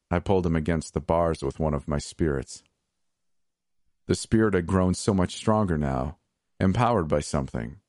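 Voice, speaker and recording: Deep-voiced man narrating dark fiction. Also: no room sound, clean studio sound.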